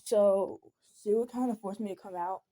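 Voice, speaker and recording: A woman's voice: mid-range voice, moderate pace, warm tone. A teenage girl venting in a casual monologue, earnest and rambling, often pleading. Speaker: vlogger.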